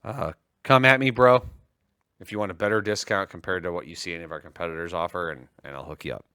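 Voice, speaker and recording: A man co-hosts a casual tech and gaming livestream, joking around, animated, and reading sales promos quickly. His low voice is clean, with no echo and studio quality.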